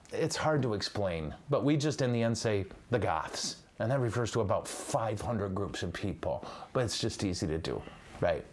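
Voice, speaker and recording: Animated, joking priest teaching. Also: male voice, fairly low pitch, slight background noise. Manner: joking, chatty and digressive. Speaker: priest teaching church history. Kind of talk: livestreamed teaching.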